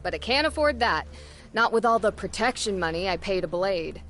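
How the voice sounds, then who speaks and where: A weary potion merchant from a video game, played by a woman. Her voice sits at a mid pitch and sounds tired and exasperated, the talk of a shopkeeper worn down by demands. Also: expressive, moderate pace, a bit bright, natural voice. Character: weary adult female potion merchant, put-upon.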